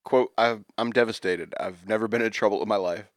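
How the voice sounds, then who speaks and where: A man with a fairly low voice reads quirky news stories aloud and breaks off into jokes and asides. The sound is dry and close, with no room around it. He talks like a podcast co-host in loose conversation. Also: steady tone, fairly quick, dry recording. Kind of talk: casual chat reading news stories.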